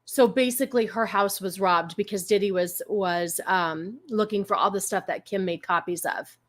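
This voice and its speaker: A woman's voice: mid-range voice, normal speed. A woman hosting a casual live stream, greeting viewers and musing aloud with many fillers and restarts. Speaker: stream host.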